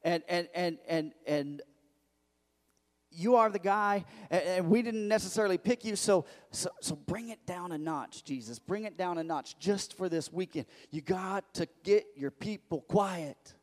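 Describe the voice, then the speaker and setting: A man preaching voices religious leaders who casually ask a teacher to calm his followers down. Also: high voice, measured pace. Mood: wary, pleading. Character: scheming male religious leaders, nervous and dismissive. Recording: echoey hall.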